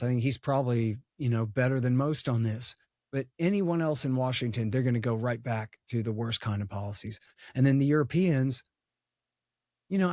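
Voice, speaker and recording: A man's voice: mid-range voice, darkish tone, no echo. Blunt, digressive man, dry sound. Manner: blunt, digressive, loses his count, fillers. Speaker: guest foreign policy commentator. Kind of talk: unscripted interview talk.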